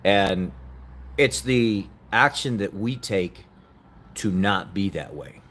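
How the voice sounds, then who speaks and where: A man hosting a casual opinion talk show, earnestly urging listeners with repeated phrases and getting openly emotional at times. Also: deep voice. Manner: earnest, repetitive motivational urging; openly emotional, laughs at himself. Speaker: podcast host.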